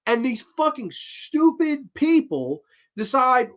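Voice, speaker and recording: A man's voice: a little high, animated, moderate pace, fairly bright tone, highs cut off. A man hosting a casual show, bluntly and profanely ranting through a horror movie review.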